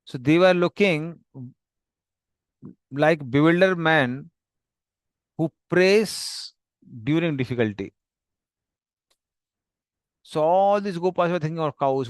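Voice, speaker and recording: Man slowly narrating a story over slides, plain explaining tone, dry close mic. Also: on the high side, smooth, no room sound. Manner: slow, plain, explanatory with pauses.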